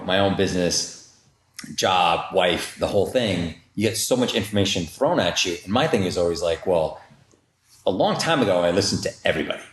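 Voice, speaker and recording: A man's voice: sits low, slight background noise. A man hosting a podcast in casual conversation, easygoing and agreeable, often chiming in with short replies. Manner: easygoing, agreeable, quick to chime in. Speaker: podcast host. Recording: roomy echo.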